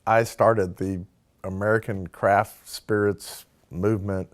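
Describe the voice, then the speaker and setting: A man with a very low voice tells a long, casual story about starting his business. He acts out the people in it in quick bits of dialogue and fills the gaps with "like" and "you know.". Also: flat delivery. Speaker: distillery founder telling his start-up story.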